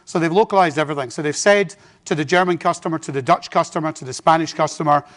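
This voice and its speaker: A man's voice: fairly high pitch, fast, fairly bright tone. Chatty English man presenting. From Britain. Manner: chatty, self-deprecating, with asides to the audience. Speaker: conference speaker. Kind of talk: business presentation. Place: conference hall.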